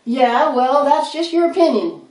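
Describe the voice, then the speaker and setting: A woman's voice: animated, normal speed, natural voice. Bouncy rhyming rat boy, lady reading it, kinda far from the mic. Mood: taunting. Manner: sing-song rhyming, higher and louder. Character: cheerful boastful young male red rat. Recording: roomy sound, mic at a distance.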